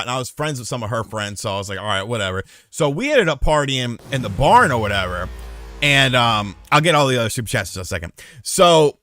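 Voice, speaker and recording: A young male host telling a long personal story in casual chat, animated and swearing freely. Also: mid-range voice, dry recording, clean studio sound.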